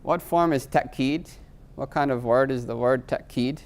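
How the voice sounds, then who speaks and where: A male teacher lecturing a class on grammar, quizzing the students often and slowing down to spell out foreign terms. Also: mid-range voice. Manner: quizzes students with frequent rhetorical "right?"; slows to spell out Arabic terms.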